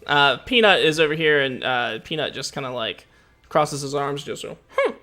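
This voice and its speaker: A man running a tabletop game as game master, narrating in a relaxed, hesitant way full of filler words. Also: on the high side, normal speed. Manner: relaxed, hesitant, lots of uhs and laughs.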